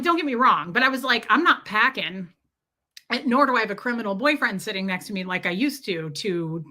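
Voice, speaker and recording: Bright-voiced woman telling a story. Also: on the high side. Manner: animated, laughing, lots of profanity. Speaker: streamer telling a story to viewers. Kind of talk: casual storytelling.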